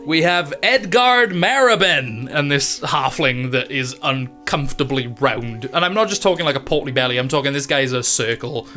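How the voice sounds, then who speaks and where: A man's voice: mid-range voice, moderate pace, hardly any pauses, sharp tone, soft background music. A man running a tabletop game as dungeon master, narrating in a chatty, loose style and laughing often.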